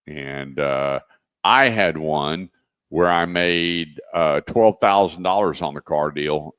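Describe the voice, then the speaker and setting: A man with a low, deep voice hosts a car radio show, chatting loosely and telling folksy stories in which he acts out the voices of the people involved. The studio sound is dry and close, with no room echo. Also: a bit bright, smooth. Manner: folksy storyteller acting out quoted voices. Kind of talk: casual radio talk.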